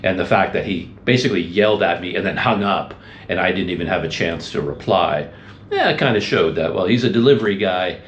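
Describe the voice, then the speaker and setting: Chatty low-voiced man vlogging. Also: brisk, a little hiss or hum. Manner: chatty, rambling, amused storytelling. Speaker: travel vlogger. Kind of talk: casual chat to camera.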